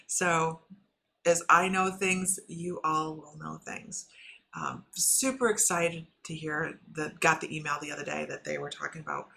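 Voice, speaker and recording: A woman's voice: fairly low pitch, unhurried, vocal fry. A woman hosting a live stream of free intuitive readings, talking in a chatty way full of fillers. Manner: chatty, filler-heavy, rising excitement when addressing viewers. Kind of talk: live psychic reading chat.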